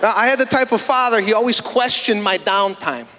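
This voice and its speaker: A man working a theater stage with a very high, piercingly bright voice, ranting in exasperated disbelief and acting out every exchange. The sound rings with a long hall reverb around his handheld mic. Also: a little fast, slight background noise. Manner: indignant, exasperated storytelling with acted-out dialogue. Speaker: stand-up comedian. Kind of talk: stand-up set. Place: theater stage before a live audience.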